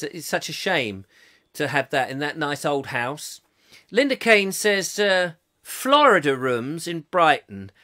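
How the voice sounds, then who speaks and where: An English host of a comic live chat show reads viewer comments aloud and rambles off into jokes, slipping into silly voices. His voice is a little high and fairly bright.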